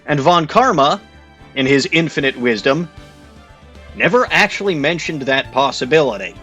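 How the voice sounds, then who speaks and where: A man's voice: on the high side, expressive, moderate pace, fairly bright tone, faint music behind. A man hosting a video game let's play, giving casual commentary in a rambling, sarcastic way. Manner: rambling, sarcastic, with many fillers and restarts.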